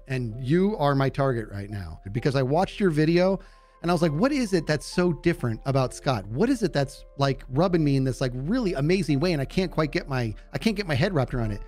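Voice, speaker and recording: Earnest, effusive man with a lively voice. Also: a little high, brisk, soft background music. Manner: earnest and effusive, heaps on praise. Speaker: fellow player. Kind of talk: casual chat.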